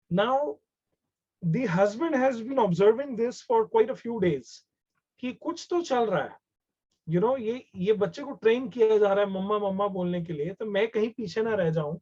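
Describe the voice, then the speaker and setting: A man's voice: high-pitched, rapid-fire, darkish tone. A man with an Indian English accent tells a story during a webinar. He speaks in a conversational way, repeats words, and slips into Hindi. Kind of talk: storytelling talk. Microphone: video call. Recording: dull lo-fi video call audio.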